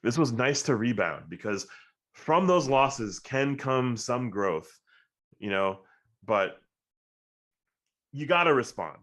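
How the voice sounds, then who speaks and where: A man's voice: mid-range voice, slow pace, pauses often. A man co-hosting a casual sports talk show, rambling and getting emphatic when frustrated. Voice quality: monotone. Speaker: podcast co-host.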